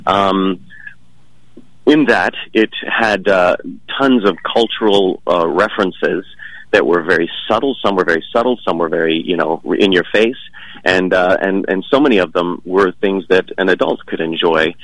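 Deep-voiced man answering interview questions. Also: normal speed, a bit bright, no room sound, poor audio. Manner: hesitant, many fillers and restarts, chuckling. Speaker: stage actor, interviewee.

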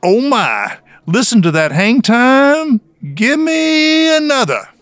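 A man on a podcast putting on a deep Southern US accent as a folksy Southern gentleman rating beers, drawling and theatrical. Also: big pitch swings, takes it slowly, heavily acted. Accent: put-on deep Southern US. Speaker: podcast co-host.

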